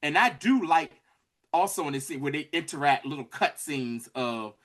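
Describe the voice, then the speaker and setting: A man's voice: on the high side, normal speed. A man casually recapping a TV episode with a co-host, acting out the characters' lines as he goes. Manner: animated storytelling, acts out characters' lines. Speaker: podcast co-host.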